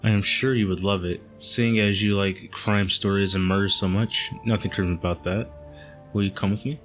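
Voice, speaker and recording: A man hosting a game playthrough, reading in-game letters aloud in a calm, measured way with the occasional aside. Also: on the low side, faint music behind. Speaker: gaming channel host.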